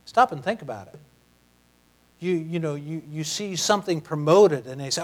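A high-pitched male preacher delivering a sermon. He talks in a folksy, chatty way with homely asides, then drops to a hush before climbing back to shouting. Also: lively intonation, moderate pace. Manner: swings from loud shouting to near whisper.

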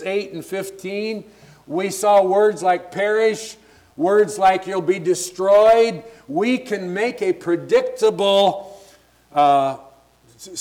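A man preaching a sermon, retelling scripture in everyday words and stumbling over restarts as he thinks aloud. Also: sits high.

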